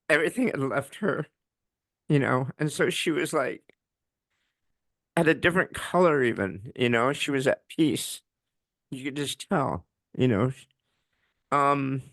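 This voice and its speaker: A man's voice: on the high side, vocal fry, no echo, clean studio sound. A man co-hosting a podcast, telling a raw, emotional personal story and swearing as he relives it. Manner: raw, swearing, quotes himself shouting. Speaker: podcast co-host.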